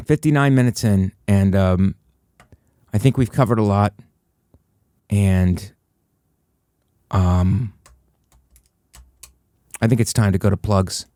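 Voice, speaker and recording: A man hosting a solo comedy podcast in a studio, delivering mock-motivational rants that jump from high excited bursts to low, flat asides. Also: slow, pauses often, no echo. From United States.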